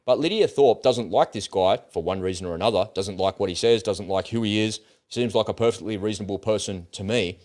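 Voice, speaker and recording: A blunt Australian man hosting a political livestream, ranting in a casual way and swearing freely. His voice sits a little low. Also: a little fast, hardly any pauses, a little mellow. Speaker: political commentary livestream host.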